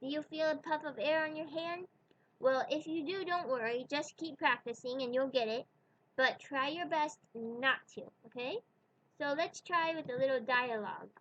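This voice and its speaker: A woman's voice: high voice, normal speed, a bit bright, lo-fi sound, slight background noise. A woman teaching pronunciation in a video lesson, patiently demonstrating sounds one by one. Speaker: Spanish teacher.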